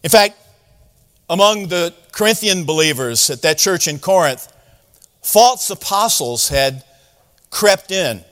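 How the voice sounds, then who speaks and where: A man with a high-pitched voice preaches to his congregation in a relaxed, conversational way. He slips into casual paraphrases of scripture and points out sarcasm. His voice carries a long, ringing hall reverb. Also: slow pace, pauses often. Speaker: pastor. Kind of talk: sermon.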